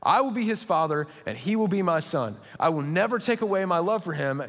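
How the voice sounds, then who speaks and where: A young adult man preaching a sermon as pastor, telling stories in a lively way with quick asides. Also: high voice. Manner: energetic storytelling with quick asides. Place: church auditorium. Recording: reverberant church auditorium.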